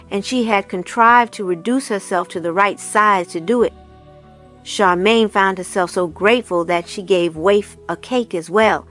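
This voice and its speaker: A woman narrating a storybook aloud in a calm, even storytelling manner. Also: medium pitch. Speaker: reader. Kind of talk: audiobook narration.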